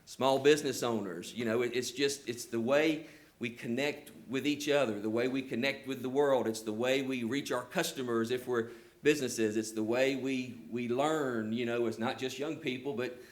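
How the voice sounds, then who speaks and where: A man's voice: medium pitch, normal speed. An older man with a rural Southern accent, presenting his company at a public hearing and taking questions, earnest, with lots of "you know" fillers. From Georgia, US. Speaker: telecom company representative presenting.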